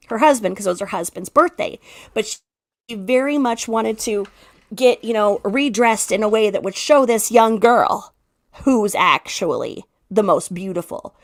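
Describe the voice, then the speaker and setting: A woman from the Pacific Northwest chatting casually and explaining with vivid examples. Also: fairly high pitch. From Pacific Northwest, United States. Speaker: guest explaining narcissism. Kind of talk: casual chat.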